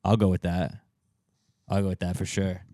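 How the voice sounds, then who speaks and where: A man's voice: normal speed, no room sound, clean studio sound. A man co-hosting a podcast in casual chat, telling stories and acting out quotes with big jumps in his voice. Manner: animated storyteller, acts out quotes with big jumps in pitch. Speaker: podcast co-host.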